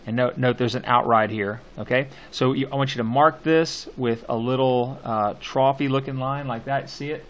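A man teaching a class on a poem, talking slowly and haltingly with many fillers, stopping to read lines aloud. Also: mid-range voice, steady tone, a little hiss or hum. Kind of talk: classroom poetry lecture.

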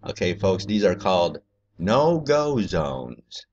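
Deep-voiced man ranting profanely. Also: big pitch swings, slow pace, a little mellow, muffled recording. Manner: angry, profane, rambling. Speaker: political video host.

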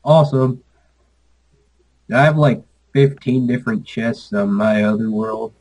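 A man's voice: medium pitch, a little slow, a little mellow, rough recording. A man joining a casual game session, tossing out dry, self-mocking quips. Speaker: gaming guest. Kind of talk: casual gaming banter.

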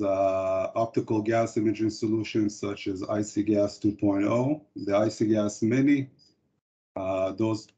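A man presents a corporate product webinar over a computer microphone, his voice low-set and mellow. He talks haltingly and stops often to find his words. The audio is dull and lo-fi, the way a web call sounds. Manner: halting, frequent hesitations.

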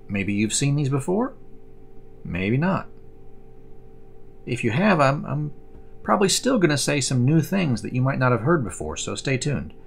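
A man's voice: mid-range voice, creaky, slight background noise. Chatty man explaining collectible cards. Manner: chatty, rambling with fillers and restarts. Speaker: card collector host. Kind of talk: casual explainer video.

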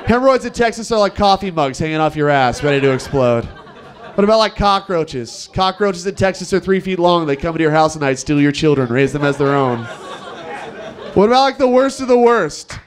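A man's voice: a little high, fairly quick. A man in his twenties from Nevada, doing a wry, self-deprecating stand-up set on a club stage. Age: 20s. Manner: wry, self-deprecating, animated impressions of locals. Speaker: stand-up comedian.

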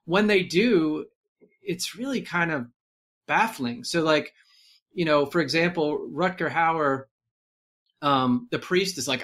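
A man talking casually on a podcast, rambling and animated, full of fillers and restarts. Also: a little high, slow, long pauses. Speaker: podcast guest. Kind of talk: casual movie discussion.

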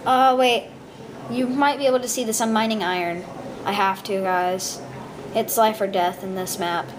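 A woman's voice: medium pitch, moderate pace, background noise. A woman giving casual, rambling commentary over her gameplay, full of ums and uhs and goofy asides. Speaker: gameplay video maker.

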